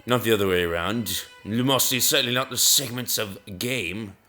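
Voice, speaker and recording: A man's voice: on the low side, fairly quick, sharp tone, faint music behind. A man rambling through casual, self-mocking commentary while he plays brain-training games. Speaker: gaming video host.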